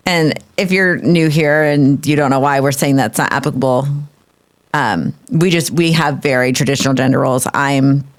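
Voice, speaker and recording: A woman co-hosting a podcast with her husband, relaxed and chatty, reading out list items. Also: a bass voice, normal speed. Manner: relaxed, reads list items aloud, lively. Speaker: co-host, wife, full-time mother. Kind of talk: casual couple's podcast chat.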